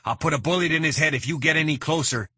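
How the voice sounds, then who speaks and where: A man voicing a hot-headed kidnapper, raised and shouting. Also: lowish voice, slow pace, no room sound, clean studio sound, heavily acted. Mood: threatening. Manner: shouting, threatening. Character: hot-headed male hostage taker.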